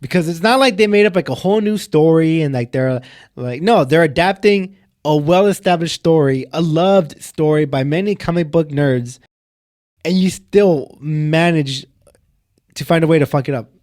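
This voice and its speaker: A man's voice: a little high, normal speed, a little mellow. A young man co-hosting a podcast, reviewing a film in casual chat, rambling with lots of filler words and getting heated. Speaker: podcast co-host.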